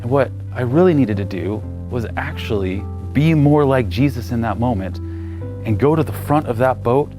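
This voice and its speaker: A man in his thirties preaching a sermon as pastor, telling stories and acting out the voices, loud one moment and nearly whispering the next. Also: mid-range voice. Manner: animated storyteller acting out voices, ranging from loud to near whisper. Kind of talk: sermon with personal storytelling.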